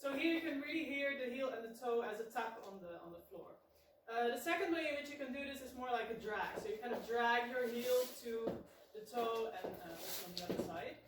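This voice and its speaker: A woman teaching dance, calmly explaining footwork variations step by step with small fillers. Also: fairly high pitch, fairly quick, long pauses. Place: large echoey dance room, from far off. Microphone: far camera mic. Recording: echoey room, far mic, loud noise.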